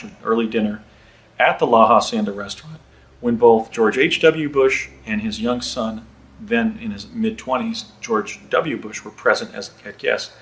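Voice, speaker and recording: A middle-aged man tells his own story in a casual, halting way. He stumbles and repeats words as he remembers, and his voice sits at an ordinary pitch. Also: fairly bright tone, low-quality recording. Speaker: eyewitness telling his story.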